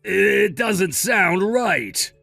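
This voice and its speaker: A man's voice: high-pitched, lively intonation, drawn-out words, gravelly, pushed and bright, no echo, faint music behind, pitched above the performer's own voice, exaggerated voice. A man doing a whiny selfish brother. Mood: petulant. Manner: petulant and pushy. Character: selfish, whiny grown man demanding his way.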